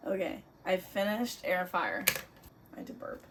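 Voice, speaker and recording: A woman's voice: fairly low pitch, big pitch swings, normal speed, fairly bright tone, a little hiss or hum. A young woman chatting casually in her bedroom while reading, giggly and dramatic in her reactions. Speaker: book vlogger. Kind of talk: casual reading vlog commentary. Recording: distant mic with music underneath.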